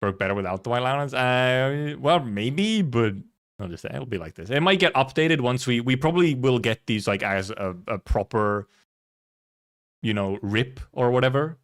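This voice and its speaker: A man streaming casually, his mid-pitched voice rambling through thoughts with frequent laughs and restarts. He swears freely and talks off the cuff. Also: expressive, moderate pace. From Finland. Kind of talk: casual livestream commentary.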